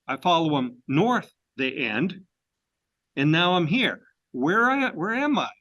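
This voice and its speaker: A man's voice: on the high side, lively intonation, takes it slowly, a bit bright, no room sound. A man voicing a lost male mail pilot who asks, bewildered, where he has landed. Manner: bewildered questioning.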